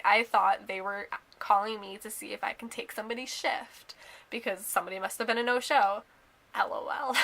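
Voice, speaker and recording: A woman's voice: on the high side, pushed and bright. A young woman telling a casual storytime vlog, chatty and full of "like" and "um", sounding a little under the weather. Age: young adult. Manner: chatty, many "like"s and "um"s, drops to a whisper at times. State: sick and nauseous. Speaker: vlogger.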